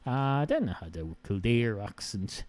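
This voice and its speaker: A man with an Irish accent rambles through a solo podcast monologue, peppering his talk with "uh" and self-mocking asides. His pitch swings widely and his tone is mellow and dark. The sound is dry and close, with no room behind him. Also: lively intonation, a little slow, no echo. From Ireland. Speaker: podcast host.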